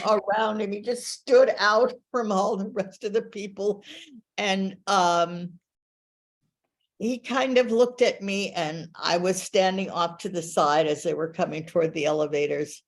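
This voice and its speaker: An older woman, a veteran journalist, telling a story in an interview, animated and acting out dialogue, laughing often. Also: mid-range voice, a little slow.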